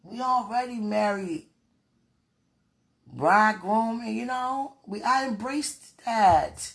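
A woman's voice: mid-range voice, lively intonation, slow, breathy edge. A woman, praying aloud in a fervent, pleading, rambling way and laughing between phrases. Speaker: religious speaker. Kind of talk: emotional spoken prayer.

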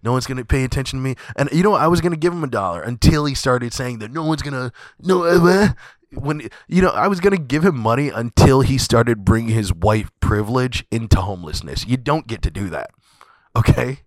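A man's voice: mid-range voice, animated, a little fast, no room sound. A man hosting a podcast, telling a comedic story in a loose, profane, laughing way. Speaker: podcast host.

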